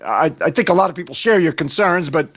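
An American man hosts an interview show in a notably high voice. He is chatty and wry and often restarts his sentences. The sound is dry and close, with no room echo. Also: expressive, quick pace, fairly bright tone. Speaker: radio show host. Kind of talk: hosting a podcast interview.

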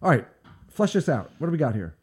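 A man hosting a podcast, chatty and playful, interviewing a guest and giving listener shout-outs. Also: on the high side, fast, slightly rough. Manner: chatty, playful, animated, mocks accents in jest. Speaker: podcast host. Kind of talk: casual interview chat with live shout-outs.

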